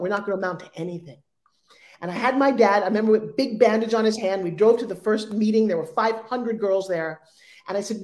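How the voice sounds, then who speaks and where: A woman in her fifties with a mid-range voice and a Long Island, New York accent tells her life story as an interview guest. She's animated and slips into the voices of the people in her stories.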